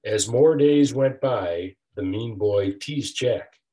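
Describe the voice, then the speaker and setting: An older man, an author reading his own rhyming picture book aloud with a steady rhythmic delivery. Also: fairly low pitch, slow. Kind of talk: storybook read-aloud.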